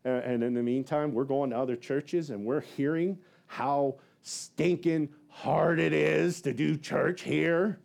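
A man's voice: unhurried, vocal fry, few pauses. A male pastor preaching a sermon as a rambling personal story, acting out what people said with big swings in his voice and laughing at himself. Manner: animated, acts out quotes with big pitch jumps; rambling with many fillers and self-laughs.

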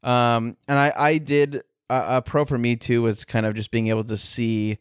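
Excitable man talking casually. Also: mid-range voice, normal speed, smooth, dry recording, clean studio sound. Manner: enthusiastic, filler-heavy, says "like" and "dude" a lot. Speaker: podcast co-host. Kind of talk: casual anime review chat.

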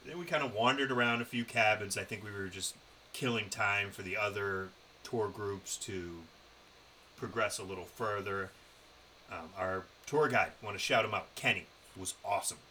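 Low-voiced, bright-toned man telling a story. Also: normal speed, a little hiss or hum, rough recording. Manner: loose, profane storytelling. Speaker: podcast co-host. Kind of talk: casual chat.

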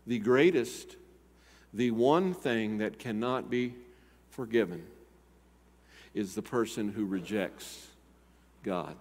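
Older pastor preaching in reverberant hall. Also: male voice, fairly low pitch, slow, long pauses. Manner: dynamic preaching, swinging between loud urgent appeals and quiet emphasis. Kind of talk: sermon. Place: church sanctuary.

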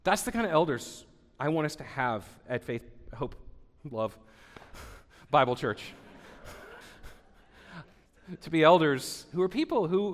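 Pastor guy in his 40s, kinda high voice, preaching earnest with lots of restarts, long echo off the church hall. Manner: earnest, repeats words and restarts, rising to emphatic peaks. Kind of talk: sermon. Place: church sanctuary.

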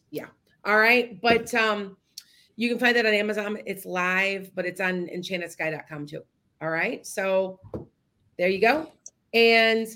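Rambling woman podcast host. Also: medium pitch. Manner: rambling, with many restarts and asides to listeners. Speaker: podcast host and psychic medium. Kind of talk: casual storytelling monologue.

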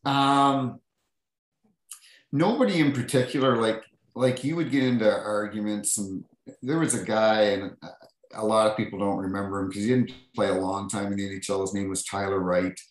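A middle-aged man with a fairly low voice tells stories in a relaxed, chatty way, acting out other people's lines and restarting sentences. The room around him is noticeably echoey. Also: normal speed. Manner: animated anecdotes, acting out quotes, many restarts. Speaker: podcast guest, former hockey referee. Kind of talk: casual storytelling.

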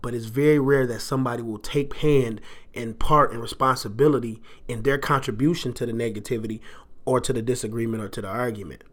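Rambling, slangy male podcast host. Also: medium pitch. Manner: loose, rambling, slangy, laughs often, sarcastic asides. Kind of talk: casual faith podcast monologue.

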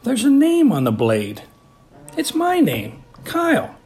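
A man's voice: very high voice, huge pitch swings, slow pace, darkish tone, pitched above the performer's own voice, heavily acted. A man voicing an unimpressed, matter-of-fact young boy in a storybook tale.

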